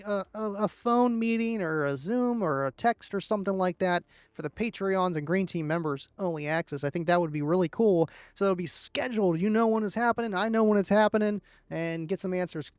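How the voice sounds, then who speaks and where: A man's voice: high voice, dry recording. A man hosting a casual livestream, rambling and thanking viewers by name as he reads the chat. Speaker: livestream host reading chat.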